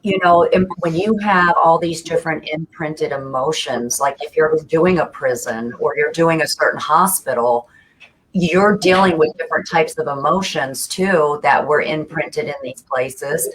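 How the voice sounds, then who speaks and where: Very low-voiced woman talking earnestly. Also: unhurried, slight background noise, rough recording. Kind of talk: casual conversation.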